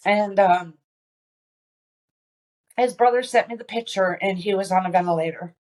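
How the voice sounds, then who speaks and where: A woman being interviewed on a podcast, telling a personal story with many pauses, fillers and restarts. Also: mid-range voice, darkish tone. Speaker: podcast guest.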